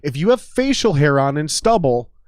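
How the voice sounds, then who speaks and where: A man's voice: fairly high pitch, very animated, moderate pace, darkish tone, dry recording, studio quality. A man hosting a casual podcast, arguing his point bluntly and emphatically with lots of swearing. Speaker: podcast host.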